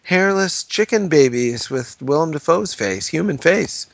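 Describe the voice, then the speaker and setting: A man's voice: fairly high pitch, lively intonation, measured pace, vocal fry, no echo, muffled recording. A man co-hosting a comedy podcast with dry quips and easy laughter. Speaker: podcast co-host. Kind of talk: casual comedy banter.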